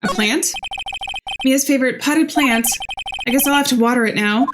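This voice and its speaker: A woman's voice: high voice, normal speed, noisy background, natural voice. A woman reading the lines of a wry, earnest young male defense lawyer in her own voice during a game playthrough. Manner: plain reading with dry asides. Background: game music.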